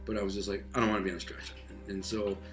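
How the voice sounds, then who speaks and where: A man from Detroit telling a personal story in casual, animated speech, often tossing in "man" and "like". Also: lowish voice, very fast, soft background music. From Detroit, United States. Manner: vivid, animated retelling peppered with "man" and "like". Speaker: interview guest telling a life story.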